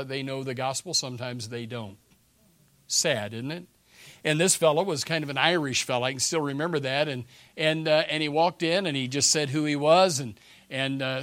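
Folksy preacher man, bright clear voice. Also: medium pitch, no echo. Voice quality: restarts and repeats words often. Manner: folksy storytelling, swings from hushed to shouting. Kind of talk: sermon.

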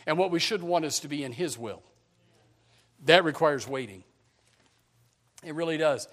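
A middle-aged man preaches to his congregation in a high, light voice. He talks in a folksy, rambling way, repeating words and joking. His sermon sounds like a casual chat with the people in front of him. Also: animated, moderate pace, a bit bright. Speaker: pastor.

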